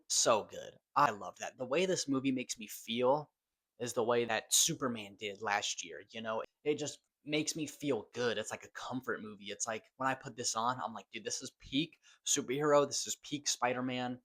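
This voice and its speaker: A man's voice: mid-range voice, moderate pace, a bit bright. A man giving a casual spoken film review, gushing and loose, swearing now and then for emphasis. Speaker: movie reviewer.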